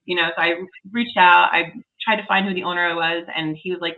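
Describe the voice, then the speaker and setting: A woman's voice: lowish voice, quick pace, hardly any pauses, bright, forceful tone, dull audio. A woman in her forties, a podcast guest, telling a story in casual, enthusiastic chat.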